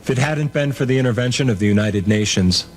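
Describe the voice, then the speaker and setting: A man delivering a spoof public service ad in a sincere, deadpan spokesman voice. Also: mid-range voice, fast, slight background noise. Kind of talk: earnest spokesman read.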